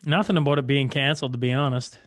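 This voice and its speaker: Podcast host with a dry, close sound. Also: male voice, mid-range voice, steady tone, quick pace, no room sound. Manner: casual, reads articles aloud. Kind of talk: casual chat.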